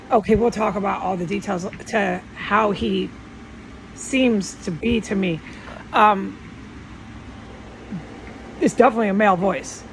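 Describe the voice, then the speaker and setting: A woman's voice: on the high side, gravelly, a little hiss or hum, rough recording. A woman talking at home in a rambling, defensive monologue, insisting on her points again and again. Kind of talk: casual monologue vlog.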